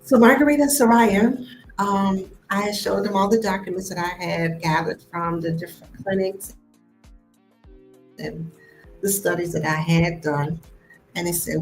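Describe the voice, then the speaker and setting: A woman hosting a live stream, telling a personal story in a lively way and acting out the voices of the people in it. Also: lowish voice, a little slow, pauses often. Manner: animated, acts out the voices in her story. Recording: echoey room with faint music behind.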